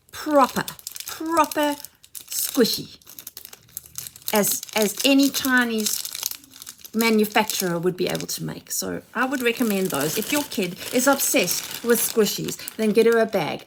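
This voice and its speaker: A woman's voice: mid-range voice, vocal fry, a little hiss or hum. A mother chatting casually as she unboxes a shopping haul, gushing and exclaiming over each item.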